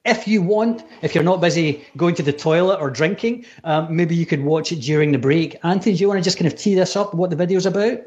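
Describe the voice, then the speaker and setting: A man with a Scottish accent hosting a casual livestream interview, teasing and joking as he fires off quick questions. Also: a little high, a little mellow. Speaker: podcast host. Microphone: video call.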